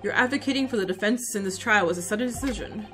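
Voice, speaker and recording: Woman playing a calm, formal male professor. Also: mid-range voice, quick pace, a little hiss or hum, natural voice. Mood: measured. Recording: faint game music behind.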